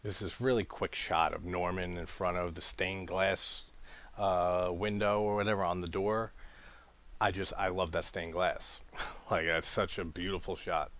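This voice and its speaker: A man with a very low voice talks through a horror sequel he loves. He is casual and enthusiastic, swearing freely and retelling scene after scene. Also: flat delivery, measured pace, a bit bright. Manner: enthusiastic, swears casually, acts out quoted dialogue. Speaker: horror film reviewer. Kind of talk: casual film discussion.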